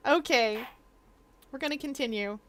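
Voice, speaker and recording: A woman's voice: sits high, normal speed, slight background noise. A woman streaming a game, chatting casually while eating, with many ums and restarts. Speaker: VTuber streamer. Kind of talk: casual gaming stream chat.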